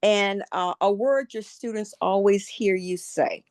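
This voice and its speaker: A woman hosting a podcast who asks quick questions in an upbeat, encouraging way. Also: medium pitch, darkish tone, no echo, clean studio sound. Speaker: podcast host. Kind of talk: casual podcast interview.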